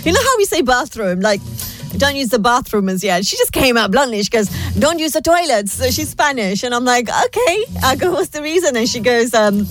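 Giggly woman radio presenter, higher voice. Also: fairly quick, faint music behind. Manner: giggly, animated storytelling. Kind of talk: chatty breakfast radio talk. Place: radio studio. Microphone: studio microphone.

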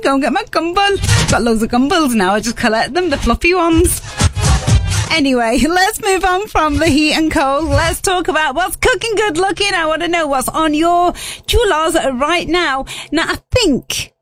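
A woman radio presenter chatting casually and rambling through jokes and family stories. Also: high-pitched. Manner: rambling, joking, playful voices when quoting family. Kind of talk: chatty radio show banter.

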